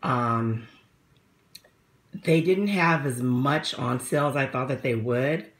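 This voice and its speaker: A woman's voice: a bass voice, takes it slowly. A woman, slightly out of breath, chatting casually in a rambling way with many fillers as she reviews a shopping haul. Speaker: vlogger.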